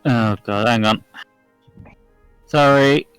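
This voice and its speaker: A man narrating as game master of a tabletop game, often pausing to apologize and look through his notes. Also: medium pitch, smooth, dry recording, soft background music.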